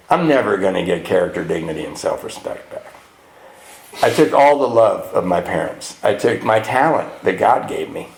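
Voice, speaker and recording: A middle-aged man from California speaking at a retreat, telling his recovery story to an audience with self-mocking humor and sudden jumps into high voices for the comic parts. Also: creaky, a little mellow. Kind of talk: storytelling talk to a live audience. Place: retreat hall. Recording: echoey room.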